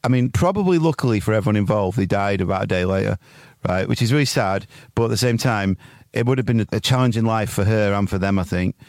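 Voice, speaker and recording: A man's voice: fairly low pitch, quick pace, hardly any pauses, darkish tone, dry recording, studio quality. A man co-hosting a comedy podcast who tells long, rambling stories in casual chat and swears freely. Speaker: podcast co-host.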